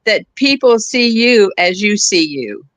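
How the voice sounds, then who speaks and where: A woman's voice: mid-range voice, big pitch swings, unhurried, no echo. A woman in her seventies, a guest chatting casually, telling personal stories with easy laughter and frequent restarts. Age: 70s. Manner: warm storyteller, laughs easily, restarts phrases. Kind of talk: casual chat.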